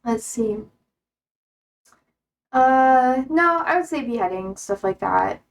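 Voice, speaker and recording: A young woman streamer chatting casually, reading out viewer comments, blunt and quick to swear and laugh. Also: a little high, lively intonation, creaky.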